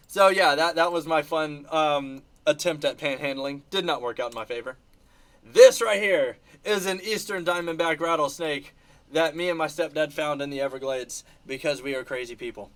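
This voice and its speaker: A man hosting a casual livestream, telling animated stories and laughing between sentences. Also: on the high side. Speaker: channel host reacting to live chat. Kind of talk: casual livestream chat showing trip photos.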